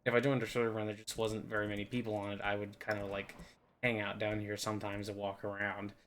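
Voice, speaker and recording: A man's voice: fairly low pitch, completely flat delivery, fast talker, fairly bright tone. A young man giving a rambling, goofy tour of a game map, joking and putting on silly voices now and then. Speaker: game video host.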